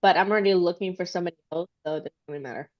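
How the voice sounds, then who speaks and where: A woman's voice: on the low side, very fast. Giggly woman rambling on in a chat, kinda dull lo-fi audio. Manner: giggly, rambling with many fillers. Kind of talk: casual chat.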